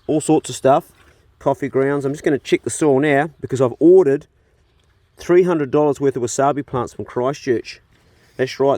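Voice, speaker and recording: A warm, mid-range voice belongs to this New Zealand vlogger, who chats casually through a farm video shot outdoors on his phone. Easygoing and chatty, he talks to his animals along the way.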